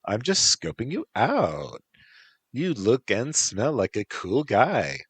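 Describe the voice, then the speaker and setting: A man voicing a bubbly, laid-back female honeybee with a high valley girl lilt, in a storybook reading. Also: wildly swooping pitch, takes it slowly, husky, no echo, exaggerated voice. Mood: breezy.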